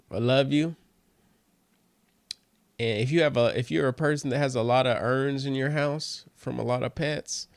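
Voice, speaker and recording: A man hosting a comedy podcast, rambling and joking in a casual monologue that drifts into soft mutters. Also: mid-range voice, no echo. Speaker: podcast host.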